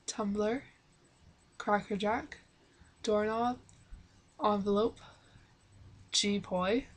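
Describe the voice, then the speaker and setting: Woman, Canadian accent, husky voice, unhurried, webcam mic, casual vlog. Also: medium pitch. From Manitoba, Canada. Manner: reading questions aloud and answering plainly. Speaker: vlogger. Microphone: webcam microphone.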